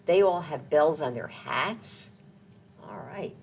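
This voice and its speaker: A woman reading a picture book aloud at a children's storytime, gentle and sing-song, making jingle and swoosh sounds. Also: low-pitched, lively intonation, takes it slowly, slight background noise. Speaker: children's librarian.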